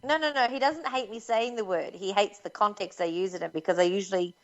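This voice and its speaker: A woman with a New Zealand accent, co-hosting a podcast in blunt, animated casual talk. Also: medium pitch, fairly quick. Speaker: podcast co-host. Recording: muffled lo-fi audio.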